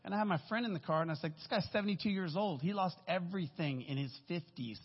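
Preaching fast in a high-pitched, husky voice, a man in his fifties gives a casual, story-filled sermon with folksy asides as a guest speaker. He's in a church sanctuary, and the lo-fi recording is dull and echoey.

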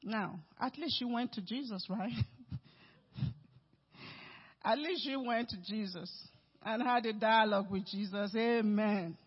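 A man preaching in a church sanctuary, unhurried and emphatic. He swings between loud declarations and soft, low asides. The sound rings with a long hall reverb and has a dull, muffled quality. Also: slightly rough. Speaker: pastor. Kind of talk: sermon.

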